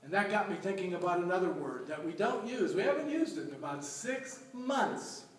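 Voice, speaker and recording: A man's voice: high-pitched, animated, moderate pace, slight background noise. A man serving as a deacon, giving a conversational sermon and telling stories to his congregation. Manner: storytelling, conversational homily. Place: church. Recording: echoey church from far off.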